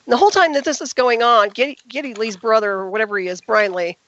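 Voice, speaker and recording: A woman's voice: fairly high pitch, fast, fairly bright tone. A woman guest on a call-in radio interview, telling her story in an emphatic, indignant way. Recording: dull, dry lo-fi recording.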